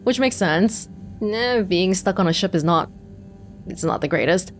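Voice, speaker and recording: A woman's voice: fairly low pitch, expressive, a little slow. Woman let's-player, casual and amused, faint music behind. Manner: chatty, amused asides. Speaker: let's play gamer. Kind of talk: casual gameplay commentary.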